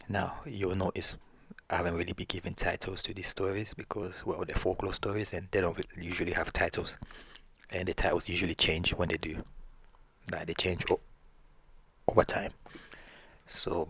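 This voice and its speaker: A man telling folk stories in a relaxed, rambling way. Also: low-pitched, husky. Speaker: storyteller. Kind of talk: casual folk storytelling.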